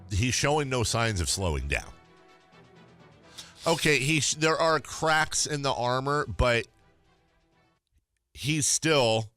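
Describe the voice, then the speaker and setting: A man's voice: on the low side, bright, forceful tone. A man hosting a sports radio show, talking casually and laughing often.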